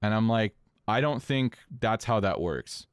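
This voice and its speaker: A man co-hosting a podcast, telling a story in casual chat, animated and swearing freely. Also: measured pace, clear, resonant tone, dry recording, studio quality. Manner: animated, swings pitch up when incredulous, swears casually. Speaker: podcast co-host.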